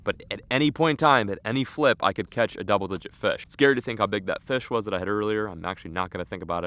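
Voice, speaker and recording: A man vlogging while fishing from a boat on a lake, rambling casually and breaking into excited exclamations. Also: fairly low pitch, no echo. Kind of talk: casual vlog narration.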